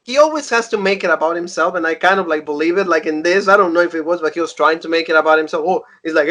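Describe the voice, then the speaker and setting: A man's voice: a little high, quick pace, few pauses, pushed and bright. A man co-hosting a casual wrestling review, recapping in a rambling way with many fillers. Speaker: podcast co-host.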